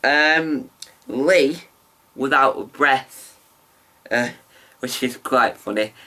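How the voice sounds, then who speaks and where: Male vlogger, bright tone, loose chatty delivery full of restarts, on-camera mic. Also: medium pitch, very slow. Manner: rambling, chatty, many restarts and ums. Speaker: vlogger reviewing a TV show. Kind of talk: casual review vlog.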